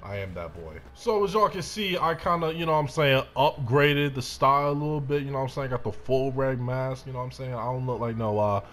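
A man's voice: medium pitch, a little fast, hardly any pauses, fairly bright tone. A young man giving hyped let's-play commentary, trash-talking and whooping as he plays. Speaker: gameplay commentator.

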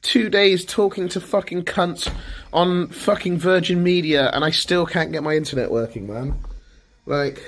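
A man's voice: high-pitched, unhurried. A man livestreaming, ranting in exasperation about his internet, swearing constantly and repeating himself. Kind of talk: frustrated livestream rant.

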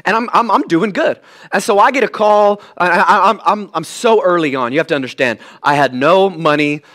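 A pastor, a man around his thirties, preaching a candid, self-deprecating sermon in an animated way. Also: high voice, normal speed. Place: church sanctuary.

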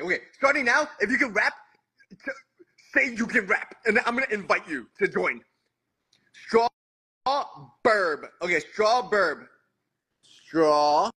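A man chatting casually on a phone livestream, joking at his own expense and tripping over restarts as he goes. His voice is a touch high and bright, and his pitch swings widely from line to line. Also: animated, husky. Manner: playful, self-mocking, rambling with quick restarts. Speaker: livestream host.

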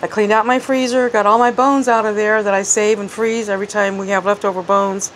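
A woman's voice: mid-range voice, flat delivery, a little fast, slight background noise, low-quality recording. Woman, casual home cooking vlog, phone recording, slightly winded, chatty. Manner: chatty, talks while working one-handed. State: out of breath. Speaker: cooking vlogger. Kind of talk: casual kitchen demonstration. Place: home kitchen. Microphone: handheld phone.

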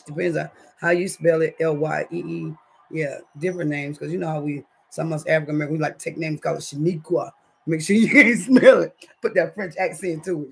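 A woman's voice: deep voice, creaky, slightly rough. A woman hosting a casual livestream from her home kitchen, chatting in slang with her viewers and reading the chat, her throat scratchy. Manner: chatty, slangy, keeps addressing viewers as y'all.

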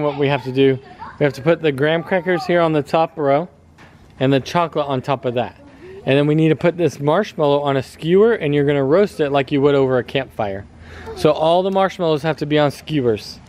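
Standing at a backyard grill, this American family vlogger talks casually and directly to the camera in an easygoing way. He has a fairly high, slightly mellow voice and a brisk delivery, with a bit of background noise.

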